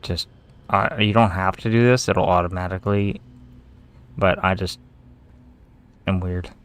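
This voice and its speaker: A man's voice: low voice, steady tone, a little slow, fairly bright tone, smooth. A young man giving casual, swearing commentary as he plays a game, muttering to himself and getting easily aggravated. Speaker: gamer streamer.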